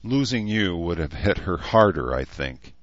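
A man's voice: low-pitched, sing-song, a little slow, no room sound, highs cut off. A man voicing a young woman healer who teases and scolds her patient bluntly. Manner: teasing, scolding.

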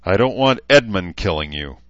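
A man's voice: low voice, animated, normal speed, dry recording, dull audio. A man voicing a hardened young woman who speaks curtly and bitterly, in a commanding tone, for an audiobook.

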